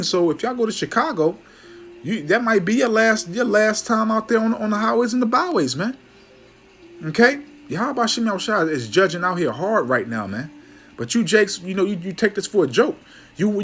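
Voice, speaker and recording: A man preaching a fiery sermon, scolding his listeners, stumbling over words when worked up, and reading scripture slowly. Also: high voice. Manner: reads verses slowly and loudly.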